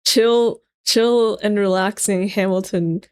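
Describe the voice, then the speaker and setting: A woman's voice: medium pitch, steady tone, slow, a little mellow, clear, resonant tone, no echo. A young woman streamer joking casually between songs, self-deprecating.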